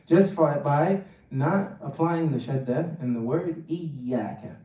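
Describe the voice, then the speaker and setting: Echoey high-voiced man teaching recitation. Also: unhurried, phone-quality sound. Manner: drills pronunciation, repeating words for the class to echo; chants the verse in a melodic recitation. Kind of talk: Quran recitation workshop. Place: mosque hall. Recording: roomy echo, mic at a distance.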